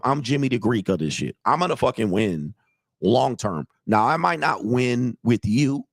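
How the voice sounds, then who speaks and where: A man's voice: medium pitch, no echo, studio quality. An older man, a dating coach, giving blunt, profane, swaggering commentary as he reacts to videos.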